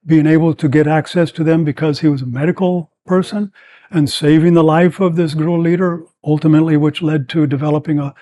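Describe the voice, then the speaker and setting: An older man in his seventies tells long stories as a podcast guest. He rambles with plenty of fillers but stays animated, in a voice that sits a bit high for a man. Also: brisk. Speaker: guest, former combat medic. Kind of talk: storytelling in a podcast interview.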